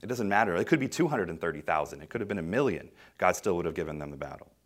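A middle-aged man preaching a sermon, swinging between loud emphatic bursts and quiet, low phrases. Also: expressive, racing.

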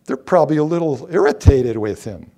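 A man's voice: mid-range voice, expressive, fairly quick, dark tone. A middle-aged man preaching a sermon, asking rhetorical questions and reading scripture aloud.

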